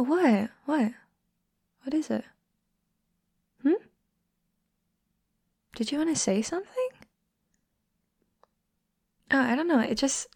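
Whispered role-play: a woman playing a teasing young friend, unhurried and a little gravelly. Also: fairly high pitch, no room sound, clean studio sound, full character voice. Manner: soft teasing whispers and giggles.

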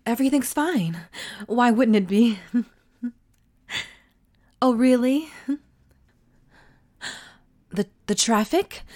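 A woman voicing a flirtatious, sneaky middle-aged mother in an erotic audio role-play, talking in a teasing, breathy way with frequent giggles. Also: fairly high pitch, a little mellow, heavily acted.

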